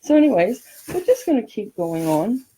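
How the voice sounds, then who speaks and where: A woman's voice: on the high side, very animated, normal speed, warm tone, breathy edge, poor audio. A middle-aged woman from California, chatting and rambling through a craft tutorial, laughing often as she tells stories.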